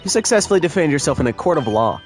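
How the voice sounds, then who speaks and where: A man reading game dialogue aloud as a composed, formal young woman assistant, measured and firm. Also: fairly high pitch, big pitch swings, music in the background.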